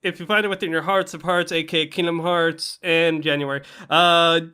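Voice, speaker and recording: A man's voice: on the high side, fairly even intonation, normal speed, pushed and bright, clean tone. A man hosting a casual podcast, introducing everyone with playful, grandiose flair. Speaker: podcast host.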